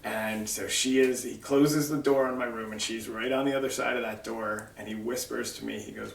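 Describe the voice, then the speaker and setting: Gravelly middle-aged man, echoey room. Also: fairly low pitch, normal speed, hardly any pauses, slight background noise. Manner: lively, animated storytelling. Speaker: interviewer, son. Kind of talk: casual family conversation. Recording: roomy echo, distant mic.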